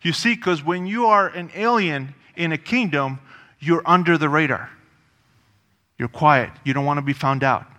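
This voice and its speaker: At a normal speed, this male preacher talks through his sermon with punch, circling back to phrases and dropping in offhand remarks. His voice is bright and forceful, pitched a touch high for a man, and it echoes with long reverb as though filling a big hall.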